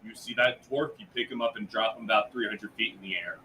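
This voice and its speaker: A man's voice: fairly low pitch, fairly even intonation, fast, bright, forceful tone. Offhand male tabletop player, distant mic, air-conditioning hum. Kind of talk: tabletop game banter.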